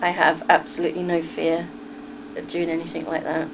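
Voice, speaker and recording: A woman's voice: on the low side, completely flat delivery, a little fast, a little hiss or hum, low-quality recording. A middle-aged woman with a Kentish English accent, chatting casually and with firm opinions to her livestream viewers. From England. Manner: chatty, opinionated, talks straight to chat.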